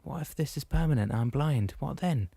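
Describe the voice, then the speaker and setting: A man's voice: mid-range voice, animated, a little fast, vocal fry, dark tone, husky, no room sound, voice pushed up. A man voicing an anxious young man who pleads in a raised, alarmed, whiny voice, in an audiobook.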